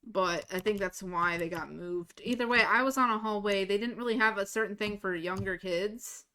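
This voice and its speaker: A woman's voice: medium pitch, normal speed, bright, forceful tone. A woman streaming a game live, telling stories in casual chat, blunt and swearing freely. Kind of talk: casual chat while gaming.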